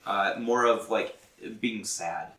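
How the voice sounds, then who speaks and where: A man running a tabletop game as game master, talking haltingly with many fillers and restarts, and laughing often. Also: fairly low pitch, pushed and bright, echoey room, recorded from a distance. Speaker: dungeon master.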